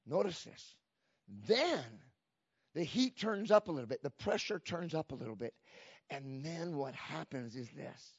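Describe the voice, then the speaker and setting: A man preaching a fervent sermon as pastor, calling out "come on" to the church and swinging between shouts and hushed lines. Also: sits high, no room sound. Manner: fervent preaching with repeated "come on" call-outs. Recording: dull lo-fi, dry sound.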